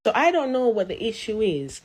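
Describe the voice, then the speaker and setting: Fairly high-voiced woman, sassy, mocking roast rant. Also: sing-song, a little fast, background noise. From Jamaica. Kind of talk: social media rant.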